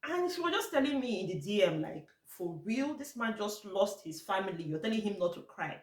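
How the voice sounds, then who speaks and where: A Nigerian woman talking straight to camera in a frank, fed-up tone, dropping into Pidgin phrases as she goes. Her voice sits at a middle pitch, and the room around her is noticeably echoey. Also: sing-song, fairly quick. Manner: blunt, exasperated, switches into Pidgin for quotes. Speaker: vlogger. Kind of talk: casual talk to camera.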